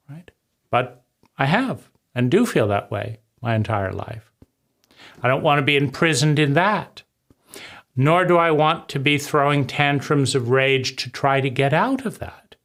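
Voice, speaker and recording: A man's voice: fairly high pitch, fairly bright tone. A man speaking in a raw, intense personal monologue, often swearing and asking "right?" after his points. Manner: occasional swearing. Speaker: video essayist.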